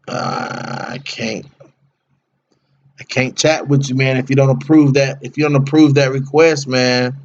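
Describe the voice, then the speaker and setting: A man's voice: mid-range voice, fairly even intonation, unhurried, lo-fi sound. A man hosting a casual livestream, chatting with viewers by name in slangy, laid-back talk. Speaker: livestream host.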